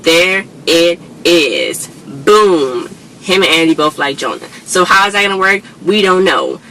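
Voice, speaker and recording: A woman casually recapping a TV episode in a chatty, lively way, often slipping into quoted lines from the characters. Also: lowish voice, measured pace, a little hiss or hum, poor audio. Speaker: YouTube show recapper.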